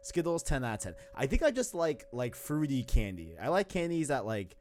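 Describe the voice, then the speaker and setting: A man in his twenties with a New York accent hosts a podcast, rambling casually and using slang. His medium-pitched voice has big pitch swings, a normal pace and a slightly mellow tone.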